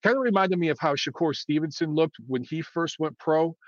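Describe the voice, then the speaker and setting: Speaking fairly quickly in a voice on the high side, a boxing commentator rambles through blunt opinions for his audience, restarting often and leaning on fillers. It's a casual monologue captured with dull, dry, lo-fi sound and no echo.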